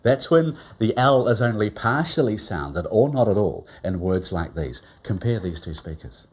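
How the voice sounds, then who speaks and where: A man's voice: on the low side, sing-song, normal speed, husky. Kiwi guy narrating a doc, wry, voice bounces around a lot. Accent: New Zealand. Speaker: documentary narrator. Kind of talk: scripted narration.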